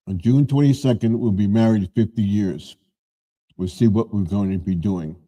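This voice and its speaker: A man's voice: on the low side, normal speed, dark tone. A man in his seventies hosting a live stream, chatting casually in a rambling way and often correcting himself.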